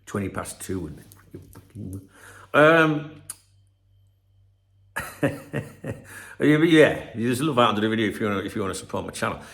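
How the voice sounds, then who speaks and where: A man's voice: on the low side, expressive, moderate pace, creaky, pauses often, fairly bright tone. A middle-aged man, rambling through a profane, casual vlog monologue and telling stories with asides. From England, Scarborough. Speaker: football channel host.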